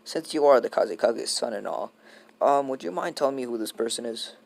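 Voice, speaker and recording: A cheerful teenage boy ninja, voiced by a man in a near-everyday tone, chatty and encouraging, his words loose with fillers. The voice sits mid-pitch with a gravelly, creaky edge. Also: expressive, a little fast. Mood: friendly.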